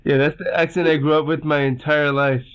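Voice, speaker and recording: A man's voice: a little high, level tone, fairly quick, clear, resonant tone, dull audio. A man co-hosting a podcast, chiming in with short joking remarks. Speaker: podcast co-host. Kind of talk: casual chat.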